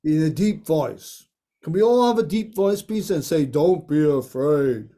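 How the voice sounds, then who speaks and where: A man leading a group reading of a scripture story, telling it slowly with playful asides. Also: sits high, lively intonation, mellow.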